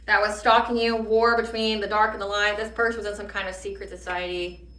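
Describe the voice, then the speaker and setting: A woman's voice: medium pitch, flat delivery, a little fast, a bit bright, recorded from a distance. A woman giving a channeled tarot reading in a heated, profane, emphatic rant. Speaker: tarot reader. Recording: roomy echo, voice a bit off-mic.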